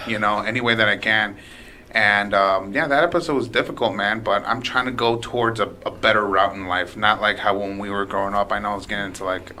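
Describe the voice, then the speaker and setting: A man's voice: fairly low pitch, sharp tone, slight background noise. A young man hosting a podcast, talking in an earnest, casual way and calling people "man" and "dude". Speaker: podcast host. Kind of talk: casual chat.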